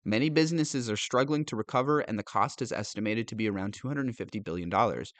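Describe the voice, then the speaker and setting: A man who reads news aloud and adds sarcastic, animated commentary, laughing often. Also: on the low side, fast talker, no echo. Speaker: political commentator.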